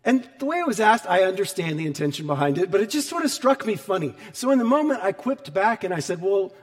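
High-voiced preaching man, echoing hall. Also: big pitch swings, fast. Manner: conversational, storytelling, emphatic repetition. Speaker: pastor. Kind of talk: sermon.

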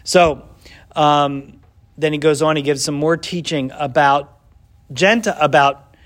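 A man's voice: a little high, takes it slowly. A man teaching a casual Bible lesson who asks the class questions, answers them himself and acts out bits of the story. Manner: animated storytelling with acted-out asides.

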